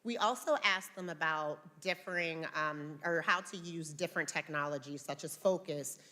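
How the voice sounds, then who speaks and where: A woman's voice: low-pitched, moderate pace, bright, forceful tone. A woman presenting research results at a conference in a conversational way, with filler words.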